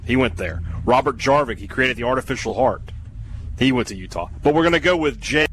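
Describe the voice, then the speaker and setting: A man's voice: mid-range voice, expressive, fairly quick, a bit bright, a little hiss or hum. Chatty man co-hosting sports radio. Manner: casual, chatty, rambling. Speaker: radio co-host.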